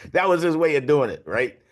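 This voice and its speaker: A man's voice: on the high side, sing-song, normal speed. A man in his sixties, a guest author on a podcast, telling candid anecdotes in a loose, filler-heavy conversational way. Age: 60s. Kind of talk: podcast interview storytelling.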